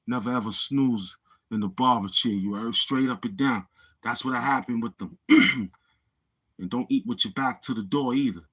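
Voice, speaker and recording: Man, New York accent, husky voice, boastful trash talk, livestream host. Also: medium pitch, moderate pace, bright, forceful tone. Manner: boastful, taunting street slang. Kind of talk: live-stream trash talk.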